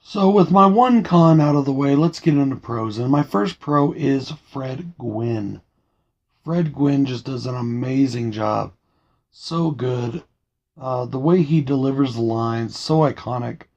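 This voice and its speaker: A man with a gravelly, husky, mellow voice talks softly through a casual review, rambling easily from point to point. The sound is dull and lo-fi. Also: mid-range voice, a little slow. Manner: soft-spoken and quiet, rambling musings. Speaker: movie reviewer. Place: home at night, dim room.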